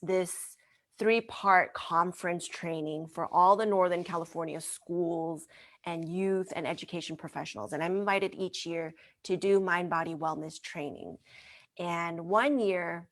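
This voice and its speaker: A woman who works as a mind-body wellness trainer, telling a story as a guest in an interview in a gentle, earnest way. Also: fairly low pitch, fairly even intonation, measured pace.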